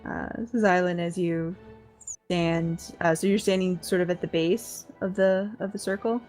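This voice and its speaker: A woman's voice: on the low side, steady tone, measured pace, darkish tone, soft background music. A woman narrating as dungeon master in a laid-back, easygoing way, with frequent filler words and laughter. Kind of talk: narrating a tabletop game.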